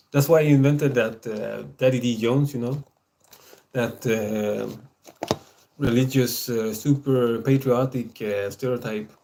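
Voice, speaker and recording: A man's voice: mid-range voice, slow, pauses often, dark tone, a little hiss or hum. Rambling Swedish-accented man. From Sweden. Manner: rambling, hesitant, with frequent laughs and filler sounds. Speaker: streamer. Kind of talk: casual stream monologue.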